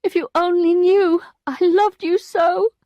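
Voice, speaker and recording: A woman's voice: very high-pitched, fairly even intonation, measured pace, darkish tone, no room sound, muffled recording, voice pushed up. A woman voicing a desperate, proud young wife who pleads for help with strong emotion. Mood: distraught.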